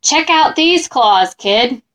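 A raspy female monster from a children's story, voiced by a woman, snappish and haughty. Her pitch sits high and swings around as she speaks in a slow, drawn-out way. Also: lively intonation, fairly bright tone, exaggerated voice. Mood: snappy.

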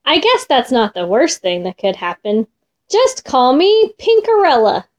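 Woman playing a whiny little storybook girl, pleading, sing-song, very high. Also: sing-song, a little slow. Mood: delighted. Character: spoiled little girl begging for cupcakes.

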